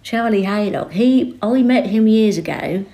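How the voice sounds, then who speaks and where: A woman's voice: medium pitch, a little slow, mellow. A woman co-hosting a podcast in a broad West Suffolk accent. She chats casually, giggles often, and uses local dialect grammar. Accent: West Suffolk English. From West Suffolk, England. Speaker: podcast co-host. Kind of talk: casual chat.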